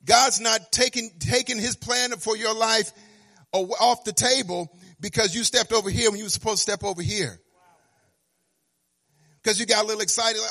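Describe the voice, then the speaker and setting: A man preaching a sermon in an animated way, acting out little dialogues, stammering into restarts and swinging between hushed and loud phrases with a sing-song lift. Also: high voice, normal speed.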